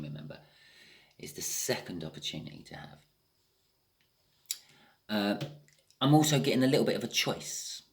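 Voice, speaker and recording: Low-voiced man rambling through a tarot reading. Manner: rambling, thinking aloud with restarts and swearing. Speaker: tarot reader.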